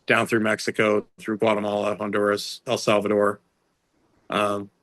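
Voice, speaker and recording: A middle-aged man, a strength and conditioning coach, talking as an interview guest in a casual, rambling storytelling way. He uses lots of fillers and restarts, and he pitches his voice up to act out what other people said. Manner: animated storyteller, jumps into higher voices for quotes.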